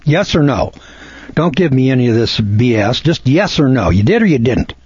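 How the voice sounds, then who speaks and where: A man's voice: medium pitch, big pitch swings, moderate pace, darkish tone, husky, no room sound, highs cut off. A man giving a folksy, lecturing talk on legal procedure to listeners, acting out courtroom exchanges.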